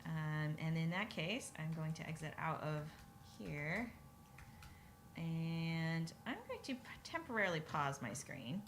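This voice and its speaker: A woman with a low, expressive voice co-hosts a live coding stream at an unhurried pace, chatting casually about technical things, thinking aloud and laughing often. She uses a desk mic at a computer, and the audio has faint noise and glitchy internet artifacts.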